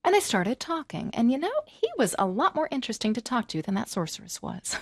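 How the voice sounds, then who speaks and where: A woman storyteller with a bright, slightly high voice leads a fairy tale for children, animated and prompting everyone to join in. The recording is close and dry, with no room echo. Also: brisk.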